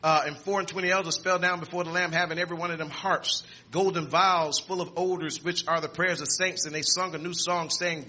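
A man preaching a sermon in a high, very bright voice. He reads scripture aloud, stumbling and repeating words, then rises to shouted exclamations.

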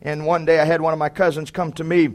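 A man preaching a sermon, swinging from loud, fervent exhortation to quiet, conversational storytelling and calling to the congregation for amens. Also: fairly high pitch, little pitch movement, quick pace.

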